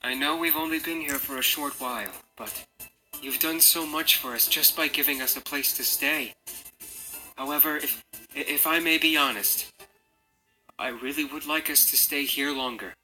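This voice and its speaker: An actor voicing a gentle, polite young man who speaks hesitantly and earnestly in a video game. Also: on the high side, normal speed, faint music behind, rough recording.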